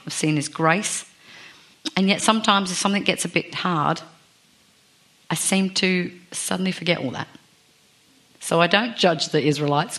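A woman's voice: low voice, a bit bright. A woman preaching a sermon in a chatty, self-deprecating way, asking the congregation questions. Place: church.

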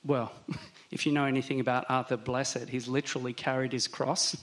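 Man, pastor, conversational sermon, reflective, mid pitch. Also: level tone, fairly bright tone. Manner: conversational, reflective, with slow emphatic stresses.

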